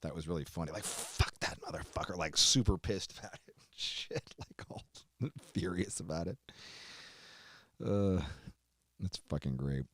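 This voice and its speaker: A man hosting a show, giving an emotional tribute while on the verge of tears, swearing often and trailing off quietly. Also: low-pitched, moderate pace, pauses often, dry recording. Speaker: host.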